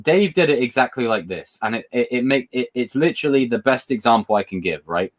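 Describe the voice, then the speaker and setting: Brisk and animated, this man's mid-range voice carries a British accent. He hosts a livestream, chatting casually and rambling across topics as he reads viewer comments.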